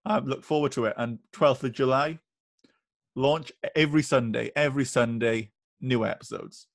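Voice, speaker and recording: A man's voice: mid-range voice, moderate pace, no echo, studio quality. A young man, a student, chatting casually as a podcast guest, hesitant and easygoing. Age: young adult. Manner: hesitant, restarts and fillers, easygoing.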